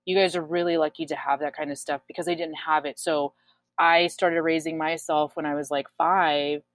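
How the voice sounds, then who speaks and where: A woman's voice: sits low, level tone, normal speed, dry recording. A woman in her twenties, telling her own story frankly in a casual chat, swearing often and using many fillers. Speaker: guest sharing her story.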